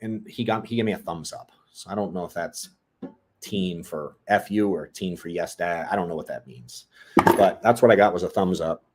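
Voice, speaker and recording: A middle-aged man co-hosting a podcast, telling a parenting story in a blunt, profane, animated way. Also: low-pitched, normal speed, soft background music. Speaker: podcast co-host. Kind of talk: casual podcast monologue.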